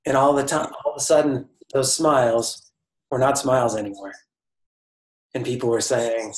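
A man tells a motivational story to a gathered team, earnest, restarting his phrases and turning to the listeners often. His voice sits at a middle pitch. The room carries a noticeable echo. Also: steady tone, normal speed. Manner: earnest, with restarts and asides to the audience. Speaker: corporate speaker. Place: speaking to a team retreat audience in a room.

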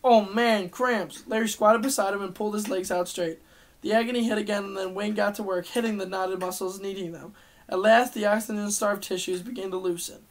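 A man's voice: sits high, steady tone, brisk, low-quality recording. A man reading a novel aloud as an audiobook, in a casual way with slips and restarts. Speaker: audiobook reader. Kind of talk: audiobook narration.

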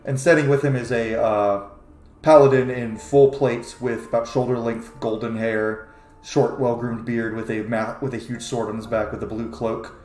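A man's voice: medium pitch, steady tone, moderate pace, a little mellow, faint music behind. Man narrating a tabletop game in a roomy space. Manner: casual, loose, with fillers and laughs. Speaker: game master. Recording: roomy echo.

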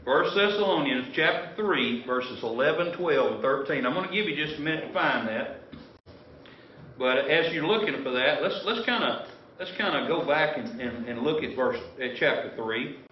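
Preacher, folksy and rambling, fairly high voice, recorded from a distance in an echoey church. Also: male voice, expressive, moderate pace, muffled recording, a little hiss or hum. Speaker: pastor. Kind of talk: sermon. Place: church sanctuary.

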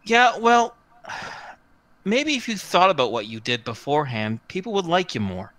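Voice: medium pitch, sing-song, moderate pace, fairly bright tone. A game master voicing a snooty, skinny young man who scolds primly and sighs with exasperation. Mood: stern.

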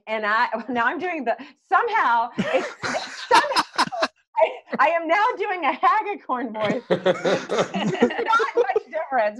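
High, animated woman player. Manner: giggly, animated. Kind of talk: tabletop game talk.

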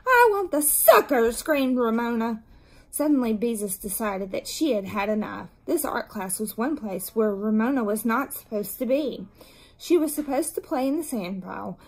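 Woman, storyteller, children's book read-aloud, breathy, slightly high, expressive. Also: normal speed, rough recording. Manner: expressive, animated narration.

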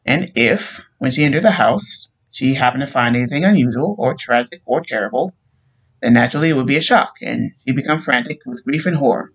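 A man's voice: mid-range voice, lively intonation, brisk, breathy edge, rough recording. Man reading a short story aloud. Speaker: narrator.

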